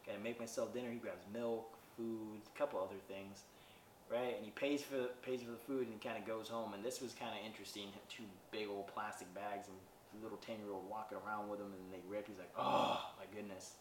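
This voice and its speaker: On his podcast, a male host casually recaps a movie, rambling with plenty of fillers and wry asides. His voice is fairly low and steady, and he talks fairly quickly. The recording sounds roomy, with the mic at a distance and faint background noise.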